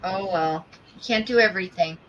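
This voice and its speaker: A woman's voice: fairly low pitch, a little fast, dull audio, a little hiss or hum. A woman keeping someone company off camera, chatting casually in an offhand, lightly teasing way. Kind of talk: casual chat. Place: home workshop.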